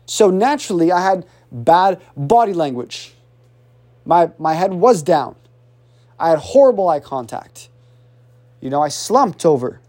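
A man coaching on communication in an energetic, motivational way, often checking in with his listeners. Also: high voice. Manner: energetic, checks in with "right?" constantly; swings voice up and down to demonstrate tone. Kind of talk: animated motivational teaching.

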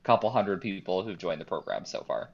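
A man guesting on a podcast, explaining his program in a relaxed, chatty way. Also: sits low, fairly quick, creaky, slightly rough. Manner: relaxed, chatty, uses "like" and "um" a lot. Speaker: podcast guest, business coach. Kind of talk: casual interview chat. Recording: dull lo-fi remote call.

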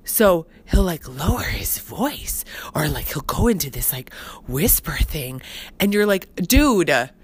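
A woman's voice: sits low, expressive, measured pace, slightly rough. A middle-aged woman telling a rambling personal story in casual chat, full of "like" and "you know". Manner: chatty, heavy use of fillers like "like" and "you know". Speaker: podcast host.

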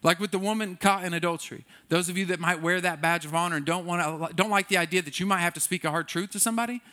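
Bright, lively young-sounding male pastor preaching. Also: high-pitched, fast. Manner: conversational, joking, acts out quoted voices. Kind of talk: sermon.

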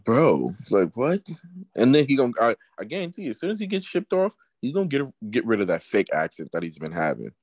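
A man's voice: medium pitch, wildly swooping pitch, fast, a little mellow, no echo. A man co-hosting a casual sports podcast, blunt, emphatic and heavy on profanity. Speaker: podcast co-host.

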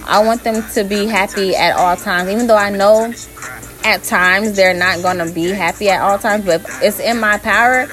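A woman's voice: medium pitch, steady tone, fairly bright tone, faint music behind. A woman vlogger answering viewer questions in a candid, casual way. She speaks her mind plainly and often breaks into laughter. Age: adult mother. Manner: frank and opinionated, slow and deliberate, often breaks into laughter.

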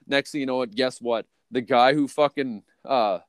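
A man co-hosting a podcast, telling a long story in a profane, rambling, excitable way. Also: mid-range voice, moderate pace, clear, resonant tone, dry recording. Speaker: podcast co-host. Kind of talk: casual storytelling.

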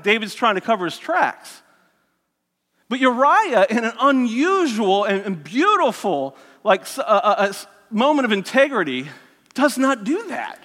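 A man preaching a sermon as a lively story, acting out the characters' voices and adding joking asides. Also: extremely high pitch, long reverb tail. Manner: animated, voices the characters, self-mocking asides.

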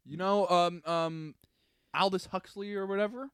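A man's voice: high voice, measured pace, clear, resonant tone, no echo, studio quality. A young man in his twenties co-hosting a podcast, chatting casually and joking with lots of laughter. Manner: animated, joking, laughs often. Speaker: podcast co-host. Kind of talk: casual chat.

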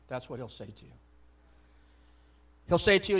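A male pastor preaching a sermon in a church. He talks conversationally with many asides, swinging between loud exhortation and soft, hushed remarks. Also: a little high, fast, long pauses. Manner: conversational, frequent "I mean" and "you know".

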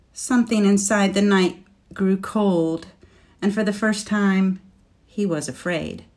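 A woman narrating a fantasy storybook in a measured, even manner. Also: lowish voice. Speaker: audiobook narrator.

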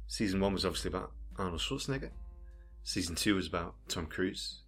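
A man's voice: low voice, animated, a little fast, fairly bright tone, slightly rough, faint music behind. A man co-hosting a podcast in casual chat, with dry, understated humour. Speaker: podcast co-host.

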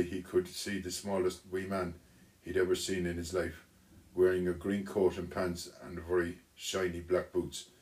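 A man telling a children's story aloud, unhurried, with small restarts. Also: low-pitched, darkish tone.

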